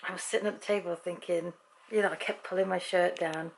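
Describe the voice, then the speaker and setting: A British woman chats through a home vlog story, laughing easily and slipping into the voices of the people she quotes. Her voice sits low and carries a gravelly fry, with a faint hiss of noise underneath. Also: fairly even intonation, brisk. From Britain. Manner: chatty, laughs often, acts out quoted speech. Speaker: vlogger. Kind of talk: casual storytelling to camera.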